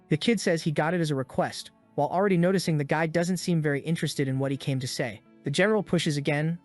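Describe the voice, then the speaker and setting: A man narrating a comic story recap in a brisk scripted delivery, voicing quoted lines plainly. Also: on the high side, faint music behind.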